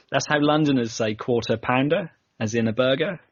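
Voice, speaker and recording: British male guest, husky voice, playful banter, dry lo-fi recording. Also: medium pitch, normal speed, dry recording. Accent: British English. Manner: jokey, playful. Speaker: podcast guest. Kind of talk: casual podcast chat. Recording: dry, dull lo-fi sound.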